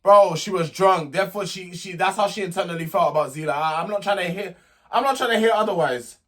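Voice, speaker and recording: A young man with a high, light voice rants through a casual reality TV recap. He is sassy and indignant, often stumbling over and repeating his words as he goes. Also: fast talker, fairly bright tone. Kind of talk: casual vlog commentary.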